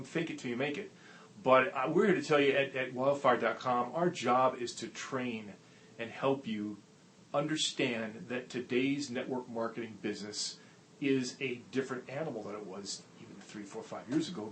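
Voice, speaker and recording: A man of middle pitch talks straight to the camera as a folksy, animated storyteller. He gives earnest motivational advice and picks up speed when a story gets going. His voice is recorded on a tablet's built-in mic, with a faint hiss of room noise behind it. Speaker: network marketing trainer and show host. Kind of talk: casual to-camera video talk and storytelling.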